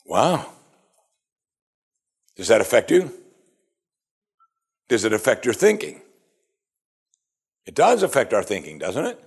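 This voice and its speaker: A man preaching a sermon, animated and asking his listeners one rhetorical question after another. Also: medium pitch, slow pace, creaky, pauses often, slightly rough. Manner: animated, asks the audience many rhetorical questions. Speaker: pastor.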